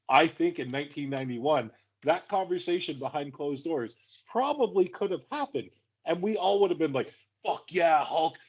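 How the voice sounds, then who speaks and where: A man co-hosting a podcast, arguing and joking with frequent swearing. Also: mid-range voice. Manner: profane, joking, argumentative. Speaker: podcast co-host. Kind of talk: casual podcast banter.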